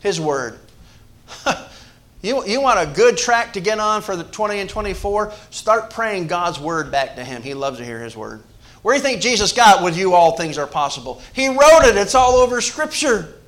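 Man, pastor preaching, high-pitched voice, loud bursts and hushed asides, repeats words. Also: expressive, normal speed. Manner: repeats words and restarts phrases. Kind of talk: sermon.

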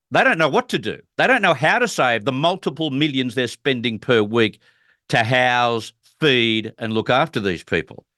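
Indignant radio host, dry sound. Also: male voice, medium pitch, a bit bright, dry recording. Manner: emphatic, indignant. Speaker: radio talk show host. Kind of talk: political talk radio.

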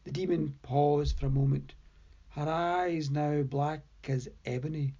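Slow gravelly woman storyteller. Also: deep voice, fairly even intonation, dark tone, muffled recording. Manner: measured, deliberate. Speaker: podcast host and storyteller. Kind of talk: scripted story narration.

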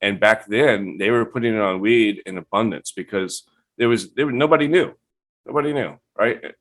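A man's voice: fairly low pitch, normal speed. A man telling stories as a guest on a live online show, swearing freely and acting out what others said. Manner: profane, animated, acts out quotes. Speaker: guest cannabis breeder. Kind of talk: casual storytelling.

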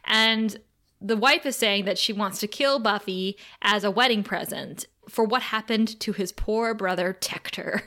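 A woman co-hosting a podcast, recapping a TV episode in casual chat, animated and laughing often as she retells scenes. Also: medium pitch, a little slow. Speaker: podcast co-host.

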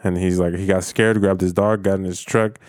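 Deep-ish guy rambling and cursing through a story, dry close sound. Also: level tone, brisk, darkish tone, no echo. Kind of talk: casual chat.

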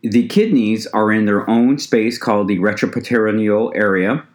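A man with a fairly low voice gives a recorded lecture to EMT students. He talks to the class in a conversational way and often says "ladies and gentlemen." Now and then he stumbles and restarts a word. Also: moderate pace. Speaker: EMT instructor.

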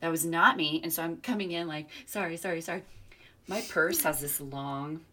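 Low-pitched woman chatting, tells stories with lots of feeling, does little voices for people. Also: moderate pace, slight background noise. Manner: animated storyteller, reflective, acts out quoted voices. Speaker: podcast co-host. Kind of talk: casual chat.

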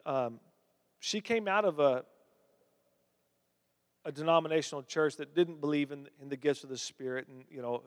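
A preacher with a notably high voice tells stories in his sermon, becoming animated and rising higher in pitch as they build. A long reverb trails his words, as in a large church sanctuary.

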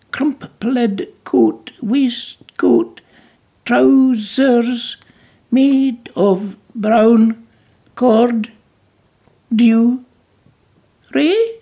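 A reader voicing a joyful, curious young woman with a childlike mind, who speaks slowly in a sing-song way and names things one by one, in a gravelly, husky voice. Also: medium pitch, dark tone, voice pushed up, exaggerated voice. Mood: delighted.

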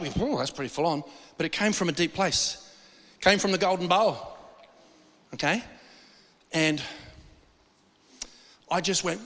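Brief: male pastor, high bright voice, animated storytelling sermon, long hall reverb. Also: unhurried, pauses often. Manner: animated storytelling with acted-out quotes and laughs.

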